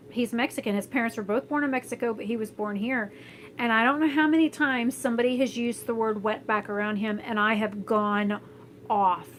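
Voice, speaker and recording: A young woman from Florida vlogs from indoors at home, chatting casually while styling her hair and reading the live chat. Her voice is fairly high, and she rambles bluntly with many fillers and restarts. The audio is poor, with slight background noise.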